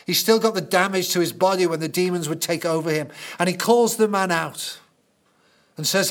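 Brief: male preacher, high-pitched for a man, earnest storytelling sermon. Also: fairly quick, a bit bright.

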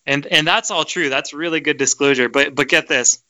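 A man hosting a casual podcast chat, talking in an excitable, emphatic way and often repeating his words. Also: on the high side, moderate pace. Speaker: podcast host. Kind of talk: casual conspiracy chat, reading aloud.

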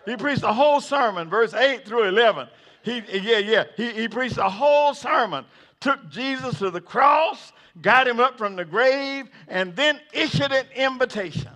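A man preaching a sermon. He repeats words and builds up to shouting. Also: extremely high pitch, animated, unhurried. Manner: builds to shouting, acts out the figures in the story.

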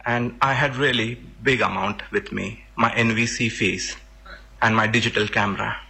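A man shares a personal story in plain, earnest words, sometimes pausing to find the right phrase. His voice is bright and slightly husky. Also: fairly low pitch, steady tone. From India. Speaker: workshop participant telling a personal story.

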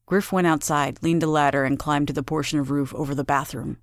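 Casting: woman narrator, lower voice, measured audiobook reading, dry close mic. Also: fairly even intonation, no echo. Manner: measured storytelling.

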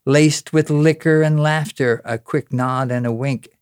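A man's voice: on the high side, steady tone, a little slow, darkish tone, smooth, no echo, studio quality. A man from Newfoundland with a Newfoundland accent, telling a story and then reciting a rhyming spoken-word poem with a rhythmic, dramatic delivery. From Newfoundland, Canada. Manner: rhythmic, dramatic recital with rising, exclaiming lines.

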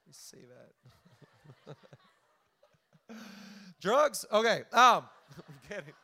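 A young man preaching an energetic, joking sermon to a church crowd, talking fast with lots of "like" and restarts. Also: high-pitched, slight background noise. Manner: hyped, quick, lots of "like" and restarts. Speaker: guest preacher.

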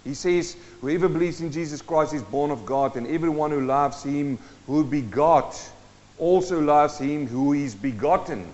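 A South African man whose first language is Afrikaans, preaching a sermon as pastor into a microphone in his church, emphatic, with rhetorical questions and slow, stressed repetition. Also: on the high side, darkish tone, long reverb tail, lo-fi sound. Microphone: handheld or stand microphone.

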